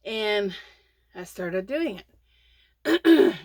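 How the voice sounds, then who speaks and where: A middle-aged woman chats casually about crochet on her channel, rambling with lots of fillers and restarts while sleepy and yawning. Her medium-pitched voice is very animated and darkish, with drawn-out words and no echo.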